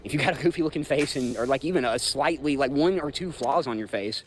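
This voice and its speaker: A man's voice: medium pitch, fast. A man in his thirties with a Southern US accent, hosting a livestream and ranting bluntly and profanely to his chat. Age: 30s. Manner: profane, blunt, rambling, talks straight to chat. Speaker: livestream host. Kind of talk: casual livestream rant.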